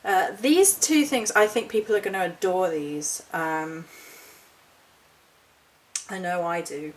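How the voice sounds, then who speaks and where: A woman's voice: fairly low pitch, takes it slowly, a little hiss or hum, low-quality recording. A woman chatting casually through a haul vlog, rambling and correcting herself as she goes. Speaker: witchcraft vlogger.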